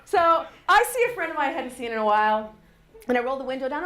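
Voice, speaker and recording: A middle-aged woman tells a story about her child with wry humor. Her voice sits high and moves all over. She laughs easily as she talks. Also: animated, fast, pushed and bright. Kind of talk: personal storytelling monologue.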